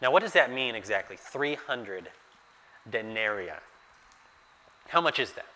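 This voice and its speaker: A man's voice: medium pitch, lively intonation, measured pace, pushed and bright. Guy preaching, chatty, keeps asking the crowd questions, long echoey hall sound. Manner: conversational, asks the listeners rhetorical questions. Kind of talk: sermon teaching through a Bible passage.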